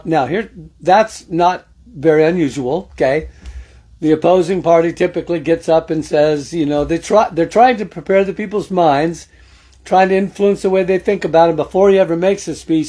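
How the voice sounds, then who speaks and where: A man's voice: on the high side, mellow. Sarcastic folksy male political host. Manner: folksy, sarcastic, greets viewers by name, says amen. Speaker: political commentary show host. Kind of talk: casual political commentary monologue.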